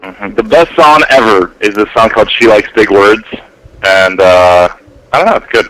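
A man with a lowish voice rambles through a loose, crude podcast chat. He trades jokes with his co-hosts in an offhand, meandering way. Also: animated, moderate pace, fairly bright tone, rough recording. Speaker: podcast co-host. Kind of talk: casual chat.

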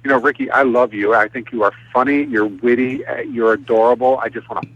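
A man's voice: medium pitch, fairly even intonation, fast talker, a bit bright. Guy leaving a rambling voicemail, lots of ums, dull muffled line. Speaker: caller. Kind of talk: recorded voicemail call-in. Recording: muffled dry voicemail audio.

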